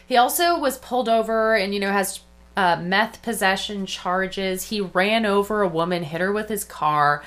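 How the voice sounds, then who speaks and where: A woman's voice: medium pitch, moderate pace, a bit bright. Woman co-host, dry sarcastic delivery, casual banter. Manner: sarcastic, mocking impressions. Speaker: podcast co-host. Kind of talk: casual chat.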